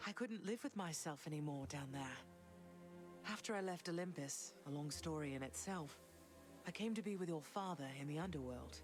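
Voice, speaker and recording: Wistful goddess mother, soft and tender, lower voice, game music behind. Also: animated, normal speed. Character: gentle, sorrowful mother goddess of spring. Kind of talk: video game voice acting.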